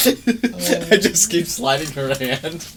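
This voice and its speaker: A man co-hosting a podcast, trading crude jokes and laughing a lot. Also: heavy background noise. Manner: laughs often, jokey, high-pitched outbursts. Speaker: podcast co-host. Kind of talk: crude casual banter.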